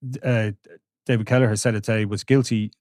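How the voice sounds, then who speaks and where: Man, court reporter, low voice. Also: little pitch movement, darkish tone, no room sound, clean studio sound. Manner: recounting testimony with halting restarts. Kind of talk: podcast discussion.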